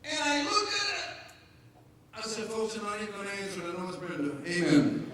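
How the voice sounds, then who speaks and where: A man preaching an animated sermon as pastor, joking and shouting to his congregation. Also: sits high, brisk, a little hiss or hum. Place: church sanctuary. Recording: echoey church hall heard from far off.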